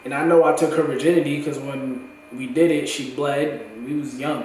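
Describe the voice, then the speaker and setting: A young man in a candid, profane, slang-heavy monologue for his vlog, his voice going hoarse. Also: a little high, little pitch movement, normal speed, a little mellow, slight background noise. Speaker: vlogger. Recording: echoey room, far from the mic.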